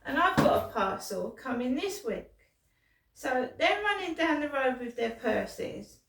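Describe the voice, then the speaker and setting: A woman's voice: sits high, big pitch swings, unhurried, vocal fry, a bit bright, reverberant, distant mic, slight background noise. A middle-aged British woman vlogging in pain, rambling and swearing with frequent restarts. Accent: British English. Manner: rambling and profane, with restarts and stumbles. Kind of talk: rambling personal vlog monologue.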